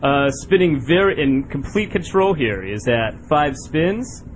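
Young man doing deadpan play-by-play. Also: fairly high pitch, a little slow, slight background noise, rough recording. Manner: deadpan play-by-play, breaks into laughter. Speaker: mock announcer. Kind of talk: mock sports commentary.

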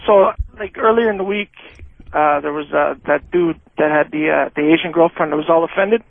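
A man from Canada calling in, fast and gravelly, with a high voice and a mock-offended, joking manner. His voice comes through dull and dry, as over a phone line. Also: dry recording. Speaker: caller.

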